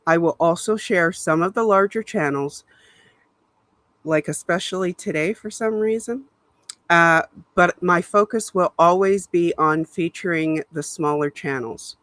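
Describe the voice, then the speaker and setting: Slow, chatty woman live-stream host. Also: fairly low pitch, fairly bright tone, no echo. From Canada. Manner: chatty, laughs often, greets viewers in chat by name. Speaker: livestream host. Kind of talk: casual live-stream chat. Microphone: laptop webcam mic.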